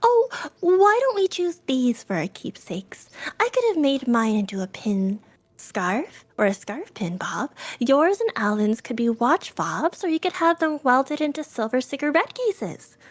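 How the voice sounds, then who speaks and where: A woman's voice: high-pitched, sing-song, a little slow, hardly any pauses, pitched above the performer's own voice. A woman voicing a giddy, teasing young bride-to-be in a storybook reading. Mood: gushing. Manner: gushing, teasing.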